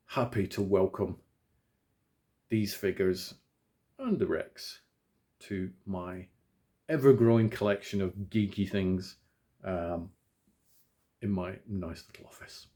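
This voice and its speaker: A man's voice: lowish voice, darkish tone, husky. A man hosting a toy unboxing in a casual, chatty way, poking fun at himself as he works in his small home office. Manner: chatty, self-deprecating, talks while working with his hands.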